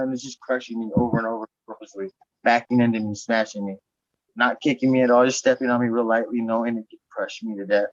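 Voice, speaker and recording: A man's voice: medium pitch, fast, dry recording. A man tells stories in a loose podcast chat, cursing often and getting worked up as he rambles. The sound is dry and a bit dull, with little room around it. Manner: profane, rambling, animated retelling. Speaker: podcast host. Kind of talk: casual storytelling chat.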